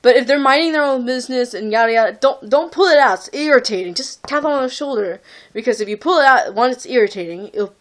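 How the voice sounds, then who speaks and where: A woman's voice: on the high side, lively intonation, fast. Exasperated young woman ranting into her phone. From Texas. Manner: rambling and exasperated, full of "like". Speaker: vlogger. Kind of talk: casual storytelling to camera.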